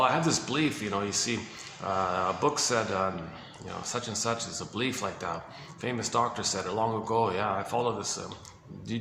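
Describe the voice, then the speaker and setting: A man giving a casual, halting explanation on psychology, often searching for words and repeating himself. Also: mid-range voice, creaky, noisy background. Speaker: speaker on psychology. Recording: echoey room with faint ambience.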